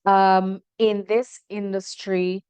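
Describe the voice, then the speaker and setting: A woman hosting a broadcast interview, measured and encouraging as she puts questions to her guests. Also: medium pitch, flat delivery, darkish tone, clear, resonant tone. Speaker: interview host.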